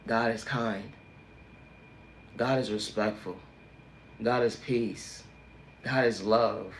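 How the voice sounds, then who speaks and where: A man's voice: on the low side, steady tone, slow pace, reverberant, slight background noise. Preachy man with emphatic refrains. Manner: repetitive, emphatic, sermon-like refrains. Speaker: livestream host. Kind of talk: preachy motivational monologue.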